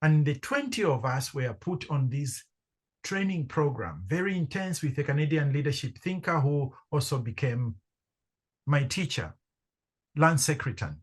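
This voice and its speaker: A middle-aged man from Zambia, a podcast guest telling a personal story with lively acted-out dialogue. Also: fairly high pitch, unhurried, slightly rough. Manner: animated storyteller acting out quoted voices. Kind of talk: storytelling in conversation.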